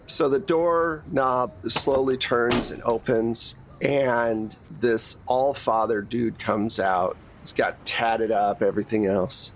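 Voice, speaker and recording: A man's voice: mid-range voice, takes it slowly, hardly any pauses, a little hiss or hum. A man narrating a tabletop game as game master in a casual, profane way.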